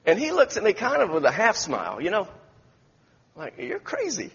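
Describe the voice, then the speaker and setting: A man's voice: high voice, huge pitch swings, normal speed, creaky, a bit bright, breathy edge. A man preaching a sermon in a church sanctuary, telling folksy stories with many restarts. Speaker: pastor. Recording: echoey church hall, dull lo-fi sound.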